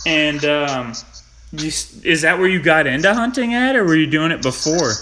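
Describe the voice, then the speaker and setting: With a slightly high, sharp voice, a man from Missouri hosts a podcast at normal speed. He's expressive and chatty, rambling along with frequent fillers and laughs.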